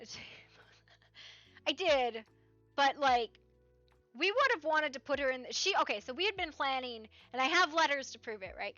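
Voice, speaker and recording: A bright, fairly high-voiced woman rambles in casual stream chat. She tosses in "right?" constantly as she talks. The sound is dry and a bit dull, with faint music under it. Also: no room sound. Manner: rambling, animated, asks "right?" often. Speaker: roleplay streamer.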